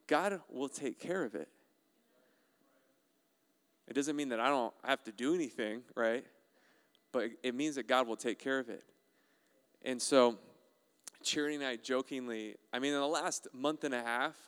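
A man preaching a sermon as a pastor, animated and playful, often putting questions to the congregation. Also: medium pitch, normal speed, clear, resonant tone. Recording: resonant voice with long hall reverb.

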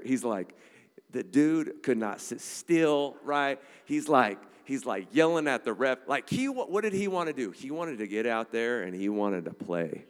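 A man preaching a sermon to a church congregation, energetic and conversational, often checking in with "all right?" and "amen?". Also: medium pitch, measured pace, clear, resonant tone. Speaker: pastor. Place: church sanctuary. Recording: long hall reverb.

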